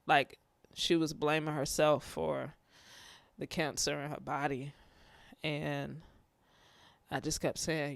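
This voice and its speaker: A man speaking haltingly, fighting back tears as he talks about his grief. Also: on the high side, flat delivery, vocal fry, no room sound. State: tearful. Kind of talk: personal testimony on grief.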